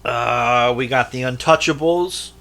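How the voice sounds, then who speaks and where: Guy going through his vhs tapes, bright forceful voice, rambly and sweary, mid pitch. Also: measured pace, creaky, a little hiss or hum. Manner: rambling, profane and jokey. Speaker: VHS collector vlogger. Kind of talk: casual show-and-tell.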